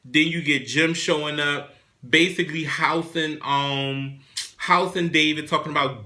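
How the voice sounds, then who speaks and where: A young man hosting his own show, casually recapping a TV drama episode in a chatty, animated, profane way. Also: on the high side, a little slow. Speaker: show host reviewing a TV drama.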